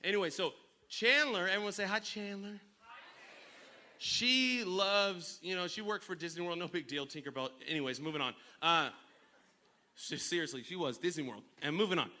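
A young adult man preaching a lively sermon in a church, telling playful stories and calling for responses from the congregation, with sudden loud bursts. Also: high-pitched, moderate pace. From Northern California. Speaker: pastor. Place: church sanctuary.

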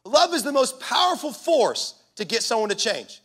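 A man's voice: very high-pitched, big pitch swings, moderate pace, a bit bright. A man preaching a sermon as a pastor, in an impassioned, punchy way.

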